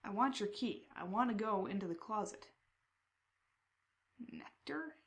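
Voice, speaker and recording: A woman playing a text adventure, reading the descriptions aloud and breaking into excited reactions. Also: medium pitch, fairly quick. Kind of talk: casual game playthrough.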